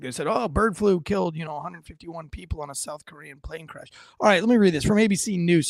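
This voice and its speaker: Brash high-voiced gravelly male commentator. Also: dry recording, studio quality. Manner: brash and conversational, drops crude slang and asides. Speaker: host of an online news commentary show. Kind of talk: casual political commentary.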